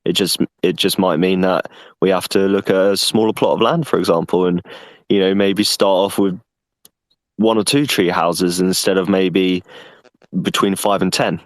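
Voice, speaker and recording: A man with a fairly low voice answers questions earnestly, often doubling his words as he works out his point. The sound is dry and close. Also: steady tone, moderate pace, dry recording. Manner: earnest, repeats words while thinking, says "mate". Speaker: guest representing a project. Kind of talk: casual answers on an online call. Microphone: online voice call.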